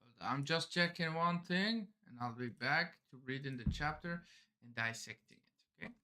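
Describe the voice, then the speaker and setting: A man's voice: on the high side, lively intonation, normal speed, bright, forceful tone. A man hosting a live manga reaction, rambling and often stumbling and restarting his sentences. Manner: rambling, self-interrupting, stumbles over words.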